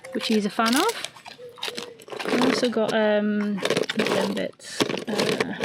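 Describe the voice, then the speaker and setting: A woman's voice: mid-range voice, fairly even intonation, slow pace, very noisy. A woman vlogging in a chatty, self-mocking way, sometimes talking to her dog. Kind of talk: casual vlog narration. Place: outdoors on a dog walk and in a campervan.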